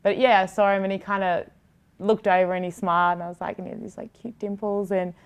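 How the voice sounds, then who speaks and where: A woman's voice: medium pitch, little pitch movement, quick pace, clear, resonant tone. A woman in her thirties with an Australian accent, a TV presenter chatting as an interview guest in a rambling way, full of fillers and restarts. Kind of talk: casual interview chat.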